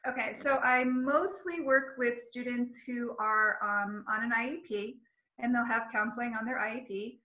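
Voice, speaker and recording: A woman's voice: fairly high pitch, steady tone, normal speed, sharp tone, reverberant, poor audio. A woman school counselor talking casually about her work in an interview, friendly and chatty. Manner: friendly, chatty, laughs easily.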